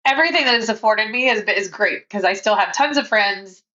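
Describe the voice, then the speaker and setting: A woman's voice: mid-range voice, lively intonation, a little fast, bright, forceful tone, muffled recording. A woman in her forties, a podcast guest in casual interview chat who talks freely and laughs often.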